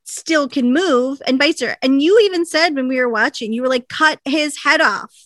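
A woman co-hosting a podcast, casually retelling a TV episode with lively asides. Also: high voice, normal speed, dry recording. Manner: animated retelling, quoting characters in voices. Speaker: podcast co-host recapping a TV episode. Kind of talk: casual chat. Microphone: desk microphone.

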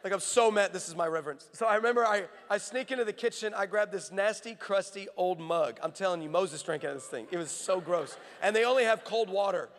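A preacher man delivers a sermon full of animated, playful stories, often cutting himself off and starting again. His voice sits high for a man. A long reverb fills the large armory hall around him. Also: brisk, few pauses. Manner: animated, playful storytelling with frequent self-interruptions. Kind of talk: sermon with comic storytelling.

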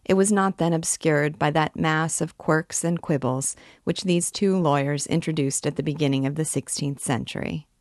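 A woman reading a classic novel aloud, narrating in a measured, steady way. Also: sits low, no room sound, clean studio sound. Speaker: book reader, guide.

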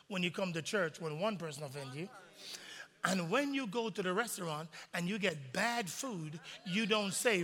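A male pastor preaching a sermon in a large church, animated and calling on the congregation to respond. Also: sits high, normal speed. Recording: long reverb in a large sanctuary.

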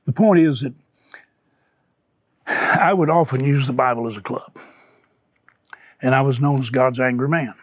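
Fervent older man with a husky voice. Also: mid-range voice, unhurried, pauses often, no room sound. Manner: fervent, repeats phrases for emphasis. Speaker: evangelist guest. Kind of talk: emotional storytelling in conversation.

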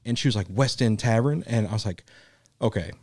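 Man, podcast co-host, rambling casual story, laughs a lot, lowish voice, dry close sound. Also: fairly even intonation, fast, darkish tone, breathy edge, dry recording. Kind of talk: casual chat.

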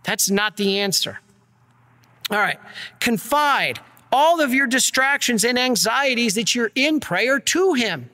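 A man, a priest, giving an earnest and energetic sermon with slides. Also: very high-pitched, a little slow, in a large hall. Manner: earnest, energetic preaching, gets worked up.

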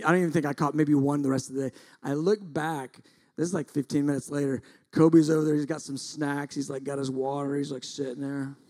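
Animated man telling a sermon story. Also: on the high side. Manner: animated storytelling, acts out quotes loudly. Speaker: pastor.

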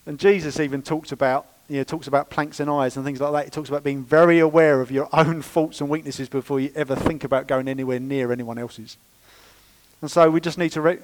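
A man preaching a sermon in church, lively and conversational with playful asides. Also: medium pitch, rough recording. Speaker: pastor.

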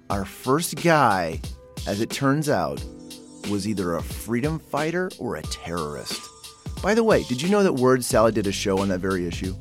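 A man from Oklahoma hosting a casual word-history explainer, chatty and digressive, often restarting and correcting himself. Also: on the low side. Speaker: podcast host.

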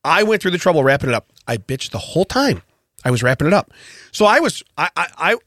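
A man co-hosting a podcast, telling a story in casual chat with animated, repetitive emphasis. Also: on the high side, fast, no echo, studio quality. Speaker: podcast co-host.

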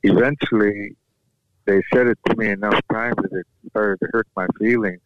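A man whose first language is Yup'ik, telling a personal story in an unhurried, halting way, often restarting his sentences. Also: fairly low pitch, fairly even intonation, noisy background. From Alaska. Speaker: guest sharing a personal story. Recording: dull lo-fi dry recording.

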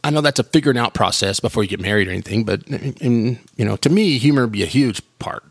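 Laid-back podcast host. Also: male voice, medium pitch, expressive, quick pace, gravelly, slightly rough, no echo. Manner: rambling, laughs often. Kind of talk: casual chat.

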